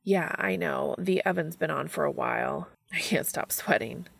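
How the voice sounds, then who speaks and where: A woman voicing a flustered, earnest adult man as she reads a story aloud, rushed and breathless. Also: deep voice, lively intonation, vocal fry, no room sound, heavily acted. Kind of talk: audiobook fiction reading.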